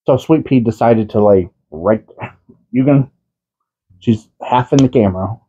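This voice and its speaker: A man's voice: medium pitch, measured pace, mellow, slight background noise. A man talking to his pet cats in doting baby talk, chatting to viewers at home. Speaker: crafting channel host. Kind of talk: casual chat to pets and viewers. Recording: tinny phone-like audio.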